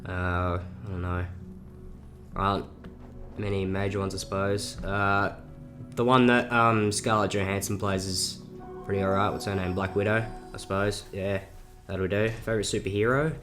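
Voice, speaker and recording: A man's voice: fairly low pitch, level tone, moderate pace, fairly bright tone, faint music behind. A seventeen-year-old man with a South Australian accent, rambling through a casual Q&A vlog with lots of fillers and swearing. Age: teens. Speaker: YouTuber.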